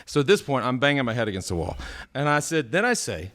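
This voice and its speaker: A man's voice: mid-range voice, normal speed, long pauses. A male podcast host in his forties, chatting casually and telling stories with lots of stammered restarts and self-mocking jokes. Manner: animated, self-mocking storyteller with many restarts. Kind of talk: casual chat.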